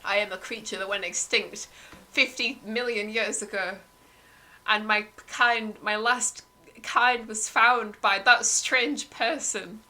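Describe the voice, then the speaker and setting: Woman putting on a sly winged neck-monster guy, bright tone, super slow. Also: medium pitch, low-quality recording. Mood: hurried. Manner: calm, then hurried and breathless. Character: man-headed winged long-necked spirit creature, male, sly.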